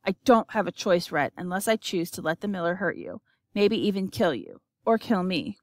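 A woman's voice: on the low side, sing-song, normal speed, dry recording. A woman reading an audiobook, voicing an anxious, trapped young man who talks in a pleading way.

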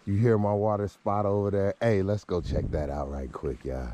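A man in his thirties vlogging casually outdoors while walking, excited and informal, often chuckling. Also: lowish voice. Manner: excited, exclaiming and chuckling, drawn-out asides; relaxed informal talk with slang. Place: outdoors in snowy woods by a creek.

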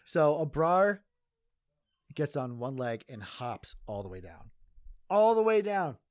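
Rambling comedian from Massachusetts, laughing often. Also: male voice, fairly high pitch, sing-song, slow pace, no echo. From Massachusetts, USA. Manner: rambling, laughs often, many "you know what I mean". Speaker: comedian guest. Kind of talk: casual podcast storytelling.

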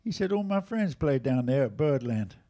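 A man in his eighties with an English accent, casually telling jazz stories at a live museum event, lively and animated in his retelling. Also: mid-range voice, normal speed. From England. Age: 80s. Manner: lively, animated retelling with raised voices for quotes. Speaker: jazz drummer and storyteller guest. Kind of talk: casual anecdotal storytelling.

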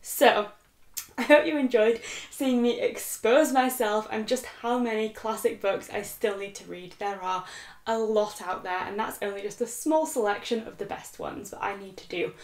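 A woman's voice: mid-range voice, normal speed. A young British woman vlogging about books, chatty and self-mocking as she reads a list aloud. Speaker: book vlogger. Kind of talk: casual chat. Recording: echoey room.

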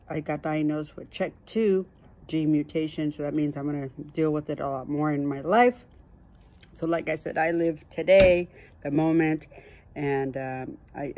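A woman's voice: fairly low pitch, a little mellow. A woman in her fifties talking candidly and cheerfully to camera in a casual vlog, sometimes while eating. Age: 50s. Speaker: vlogger.

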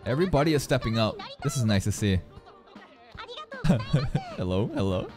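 Wildly animated man reacting over music. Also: mid-range voice, moderate pace. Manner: excitable, loud outbursts and laughter, casual swearing. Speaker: anime reaction channel host. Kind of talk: casual anime reaction commentary. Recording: music playing in the background. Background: music under the voice.

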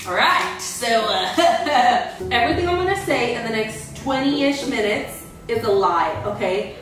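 Young female vlogger, fairly high voice, chatty and direct to camera, roomy home recording with faint music. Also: a little slow. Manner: chatty, animated, addresses viewers directly. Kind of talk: casual vlog chat to camera. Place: home, indoors. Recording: echoey room with faint music.

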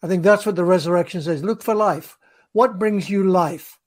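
A man's voice: high-pitched, normal speed. A man guesting on a podcast, speaking earnestly and reflectively about faith. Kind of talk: casual chat, reflective faith talk.

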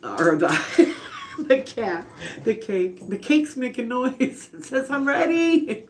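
A woman's voice: a little high, big pitch swings, slow, slight background noise. A woman hosting a casual live cooking stream from her home kitchen, chatty, laughing often and greeting viewers by name. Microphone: phone camera.

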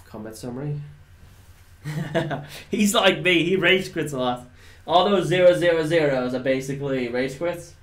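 Laid-back Dutch streamer, roomy sound. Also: male voice, fairly high pitch, a little slow, long pauses, a bit bright. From Netherlands. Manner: casual, swears, banters with viewers. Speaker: game streamer. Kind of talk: live gameplay commentary, answering chat. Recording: roomy echo, faint background noise.

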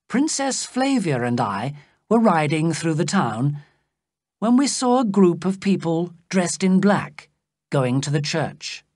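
A narrator reading a graded story aloud slowly and plainly for English learners. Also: no room sound, studio quality. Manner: slow, clear storytelling with lively pitch. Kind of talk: slow scripted audiobook narration for English learners.

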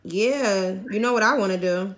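A young woman from Massachusetts chatting casually on a phone video app, slangy, profane and quick to giggle. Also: mid-range voice. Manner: giggly, slangy, profane, talks straight to viewers. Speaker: vlogger.

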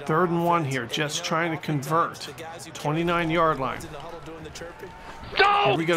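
High-voiced excitable man calling plays. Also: a little slow, pauses often. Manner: excitable, exclaims at big plays, mocks the other team. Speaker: gaming channel host. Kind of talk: play-by-play commentary over a football video game. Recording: stadium crowd noise from the game behind.

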